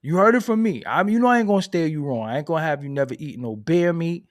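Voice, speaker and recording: A man hosting a casual live stream, answering chat in a loud, laughing, profane way that swings from mumbling to shouting. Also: on the high side, expressive, fast talker, dry recording, studio quality. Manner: reads and answers viewer chat. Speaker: host.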